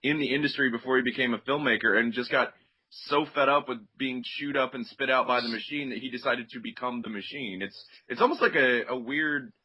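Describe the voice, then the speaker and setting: Bright-voiced, chatty podcast man. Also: mid-range voice, brisk, low-quality recording. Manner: talkative, enthusiastic, swears freely. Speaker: podcast panelist. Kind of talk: casual film chat.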